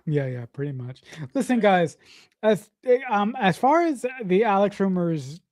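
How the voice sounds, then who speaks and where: An easygoing podcast co-host who takes things slowly and thinks aloud through plenty of fillers and repeated words. The voice sits at a middling pitch, agreeable and unhurried. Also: sing-song, darkish tone, dry recording, clean studio sound. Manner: agreeable, laughs often, hesitant fillers. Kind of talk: casual chat.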